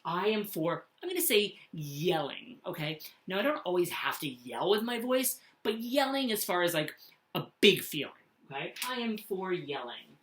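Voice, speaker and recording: A woman teaching punctuation to young children in a slow, sing-song voice, often checking in with "okay?". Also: fairly low pitch, sing-song, fairly bright tone. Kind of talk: classroom lesson for children.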